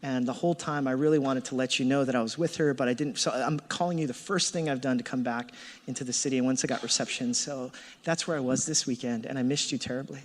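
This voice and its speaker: A man in his thirties preaching a sermon as a pastor, telling a personal story with animated delivery and acting out his own thoughts. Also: medium pitch, fast. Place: church hall. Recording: long hall reverb.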